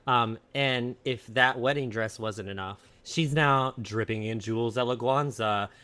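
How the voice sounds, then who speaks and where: A man's voice: mid-range voice, a little slow, sharp tone. A man co-hosting a casual history podcast, telling the story with jokes, laughter and acted-out quotes. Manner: jokey storytelling, laughs often, acts out quotes. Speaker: podcast co-host.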